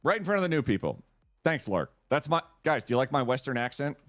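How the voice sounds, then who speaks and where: A man hosting a live stream, chatting casually and rambling excitedly as he greets and thanks viewers. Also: medium pitch, fast talker, faint music behind. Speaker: streamer host.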